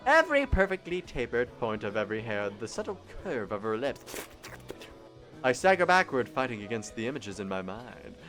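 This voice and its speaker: A man reading a visual novel's inner monologue aloud in a theatrical way, swinging between loud cries and hushed lines. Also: medium pitch. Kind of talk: dramatic reading of game text.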